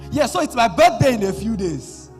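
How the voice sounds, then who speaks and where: A man with a Nigerian accent performing dramatic, rhythmic spoken word poetry at a conference, with long pauses between phrases. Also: very high voice, very animated, a little mellow. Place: large conference hall. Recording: hall reverb with music bed.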